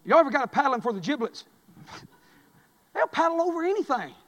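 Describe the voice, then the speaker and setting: A man preaching a sermon, telling folksy stories and swinging from loud cries to low murmurs. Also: very animated, moderate pace, in a large hall.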